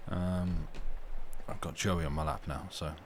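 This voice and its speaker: A man's voice: deep voice, fairly even intonation, measured pace, a little hiss or hum. A man hosting a live stream, chatting casually with his viewers in a rambling, self-interrupting way, at home. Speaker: livestream host reading stories aloud.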